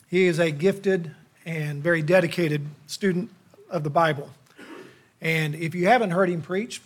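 A middle-aged man, a lay preacher delivering a sermon to a church in a folksy, self-deprecating, conversational manner. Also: sits high.

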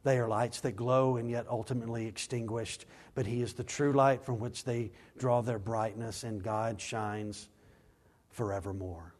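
A man preaching a sermon, dropping to slow, quiet emphasis and climbing to loud, raised scripture reading, with quick acted asides. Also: mid-range voice, fairly even intonation. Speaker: pastor.

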